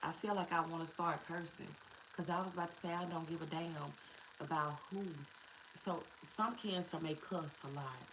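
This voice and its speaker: A woman's voice: low voice, fairly even intonation, normal speed, background noise. A woman giving a casual spiritual tarot reading, emphatic and repetitive, slipping into slang and curses. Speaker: tarot reader.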